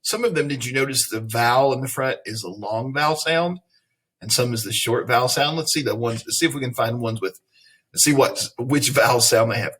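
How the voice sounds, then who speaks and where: A man's voice: mid-range voice, a bit bright, husky. A man teaching an online reading lesson, patiently sounding out words and repeating the patterns. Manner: patient, repeats patterns slowly, thinks aloud.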